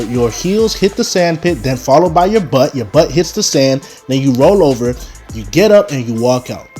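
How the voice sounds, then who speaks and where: A young man telling a personal story on his channel and talking straight to his viewers. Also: a little high. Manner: animated storyteller, talks straight to the audience. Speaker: vlogger. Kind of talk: casual storytime.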